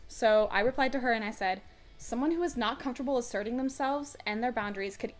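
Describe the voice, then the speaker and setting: A woman's voice: on the high side, quick pace, soft background music. A young woman recording a storytime vlog on her phone camera at home, reading messages aloud in a blunt, firm, indignant way. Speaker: vlogger. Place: indoors at home.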